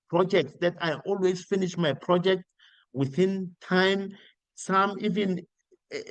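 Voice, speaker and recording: A man's voice: a little high, dry recording. A middle-aged South African man giving informal career advice, telling stories and acting out quoted dialogue. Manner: animated storytelling, acts out quoted dialogue. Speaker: career coach.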